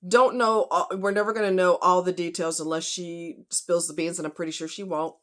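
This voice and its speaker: A woman's voice: on the low side, steady tone, brisk, a bit bright. Blunt, fired-up woman vlogger. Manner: talks to viewers as y'all and honey. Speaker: true crime vlogger. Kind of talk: casual true crime commentary.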